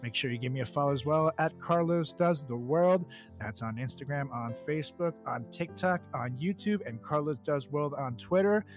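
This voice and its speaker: A man with a fairly high voice hosts a comedy podcast in loose, joking chat. His pitch swings widely as he talks, and he laughs often between bits. Faint music sits low underneath. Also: normal speed. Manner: animated, jokey, laughs often. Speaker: podcast host.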